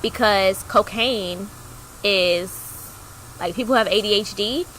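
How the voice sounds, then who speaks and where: A young woman co-hosting a podcast tells a personal story in a chatty way, leaning heavily on "like" and acting out quoted dialogue with big jumps in pitch. She speaks at a measured pace. The recording is rough, with a little hiss or hum.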